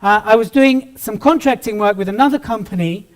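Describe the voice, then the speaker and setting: Upbeat British man with a high voice. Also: a little fast. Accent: British English. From Britain. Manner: lively, joking with the crowd. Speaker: keynote speaker. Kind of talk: motivational stage talk. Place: stage before a live audience.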